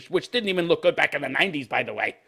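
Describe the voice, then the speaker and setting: Mocking, lively-voiced man in his fifties. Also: fairly high pitch, fast, gravelly, breathy edge. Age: 50s. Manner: sarcastic, crude and mocking, laughs at his own jokes. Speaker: commentary channel host. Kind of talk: reading and mocking a news article.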